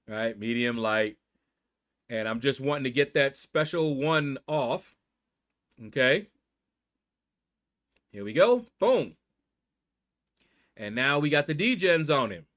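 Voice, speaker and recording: Slow-talking male game commentator. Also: medium pitch. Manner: chatty, excitable, talks to viewers directly. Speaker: gaming channel host.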